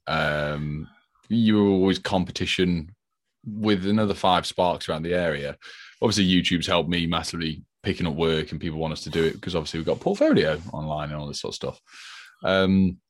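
A man's voice: low-pitched, no room sound. A man, co-host of a podcast, telling rambling stories in casual chat. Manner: chatty, rambling storyteller.

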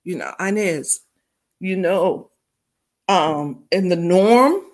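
Slow-talking animated woman co-host. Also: on the low side. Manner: animated storyteller, acts out voices in anecdotes. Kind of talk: casual family podcast chat.

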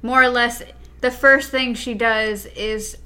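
A woman's voice: a little high, steady tone, slow, pushed and bright. A woman co-hosting a podcast in casual review chat, easygoing and often giggling. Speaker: podcast co-host.

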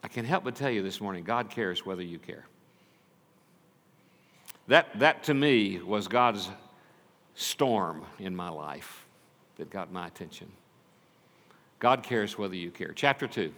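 Older preacher in a reverberant hall. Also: male voice, low voice, expressive, measured pace, long pauses. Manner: storytelling preacher, swings from loud to hushed. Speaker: pastor. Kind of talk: sermon. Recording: long reverb of a large hall.

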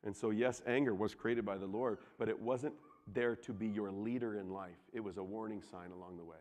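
A man's voice: fairly low pitch, fairly quick. Man preaching with big swings in volume. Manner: animated storytelling, swinging from loud to hushed. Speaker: pastor. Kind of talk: sermon. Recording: long hall reverb.

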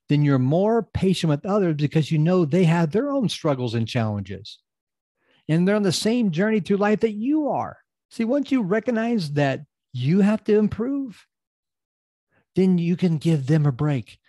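Guy doing a self-help podcast, mellow dark voice, dead dry room, gets loud then goes quiet. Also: high voice, expressive, normal speed, dry recording. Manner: preachy, repeats phrases, swings from loud emphasis to quiet asides. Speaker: podcast host. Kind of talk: motivational talk.

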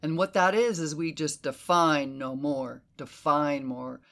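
A woman hosting a casual conversation, animated and emphatic, who swears freely and slips into quoted inner voices. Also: deep voice, a little slow. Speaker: podcast host.

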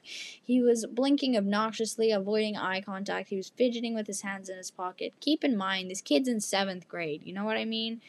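A woman's voice: medium pitch, no room sound. A young woman hosting a podcast who tells a story in a casual, dramatic way and addresses her listeners directly. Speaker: podcast host.

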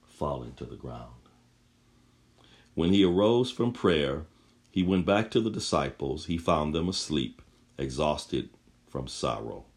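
Man, very low voice, sermon, emphatic scripture reading, repetitive. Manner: emphatic, repeats phrases, rises when reading scripture. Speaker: preacher.

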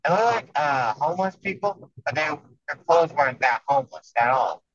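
A man guesting on a casual podcast, telling a story haltingly with fillers. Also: on the high side, lively intonation, a bit bright. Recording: dull lo-fi remote audio.

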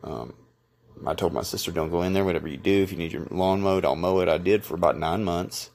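A man putting on a rambling, folksy cowboy character with deadpan morbid jokes for his podcast. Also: low-pitched, fast, vocal fry. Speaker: podcast host.

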